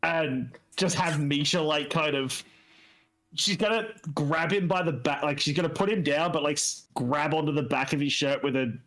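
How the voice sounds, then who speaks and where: A man's voice: fairly high pitch, normal speed, a bit bright. A man, a player at a tabletop game, chatting casually and swearing freely. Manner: swears freely, rambling asides.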